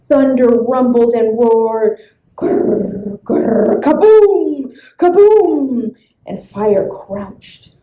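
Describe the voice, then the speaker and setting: A woman librarian reading a folk tale aloud to children, expressive and full of sound effects. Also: fairly high pitch, roomy sound, highs cut off. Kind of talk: storybook read-aloud for children.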